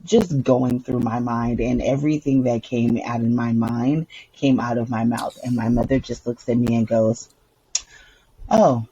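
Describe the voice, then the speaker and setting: A woman co-hosting a podcast in casual chat, an animated storyteller who laughs often and breaks into song. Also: a bass voice, normal speed, few pauses, slight background noise, rough recording. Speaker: podcast co-host.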